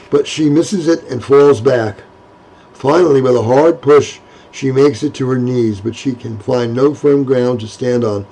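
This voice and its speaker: Gravelly, husky male narrator. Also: mid-range voice, dark tone, rough recording. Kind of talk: audiobook narration of a historical romance.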